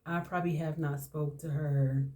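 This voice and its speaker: Woman podcast host, low voice, mellow tone, candid emotional storytelling, repeats herself. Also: fairly even intonation, normal speed. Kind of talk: personal storytelling monologue.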